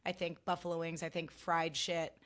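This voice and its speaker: A woman's voice: fairly low pitch, little pitch movement, normal speed, a bit bright. A woman in her thirties hosting a solo podcast, rambling casually with lots of "like" and free swearing. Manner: gushy, rambling, heavy on "like", swears freely. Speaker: podcast host.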